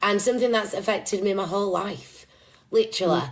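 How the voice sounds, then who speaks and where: A woman's voice: mid-range voice, fairly quick. A woman hosting a casual live-stream chat on her phone, blunt and swearing freely. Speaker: livestream host.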